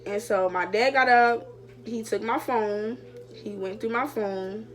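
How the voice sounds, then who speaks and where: A woman's voice: a little high, unhurried, fairly bright tone, a little hiss or hum. A young woman vlogger casually telling a story to her viewers, chatty and full of fillers. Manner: chatty, addresses viewers directly, many fillers.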